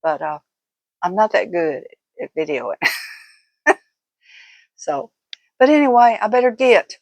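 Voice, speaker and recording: An older woman with a drawl chats to her viewers in a folksy, storytelling way, laughing often as she goes. Her voice sits at a middle pitch for a woman. The recording is dry and close, with little room sound. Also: animated, unhurried, no echo. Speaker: vlogger. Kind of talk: casual storytelling vlog.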